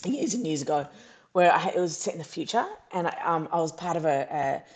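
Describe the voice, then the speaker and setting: A woman's voice: low voice, expressive, a little fast. A middle-aged woman, an actor, chatting in a casual interview, self-deprecating and laughing, with many fillers and restarts. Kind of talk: casual video-call interview.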